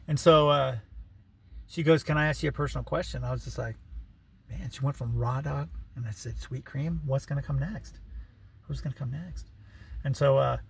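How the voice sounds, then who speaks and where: Gravelly, rambling man telling a story. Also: mid-range voice, normal speed. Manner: rambling, frequent "you know" and "right"; wry laughing asides. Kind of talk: casual storytelling vlog. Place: living in his vehicle.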